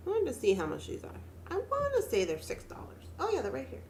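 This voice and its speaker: A woman's voice: high voice, wildly swooping pitch, fast talker, creaky, slight background noise. Chatty young woman crafting on a livestream. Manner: chatty, talks to herself while working, greets viewers by name. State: pregnant. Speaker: livestream jewelry-making host. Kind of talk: casual livestream chat while beading.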